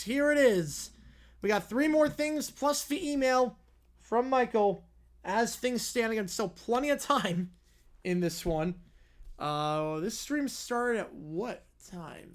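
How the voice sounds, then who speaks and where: Male stream host, high voice, reads viewer stories with quick asides. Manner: quick, animated reading with asides. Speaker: livestream host. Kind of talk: reading viewer stories with commentary.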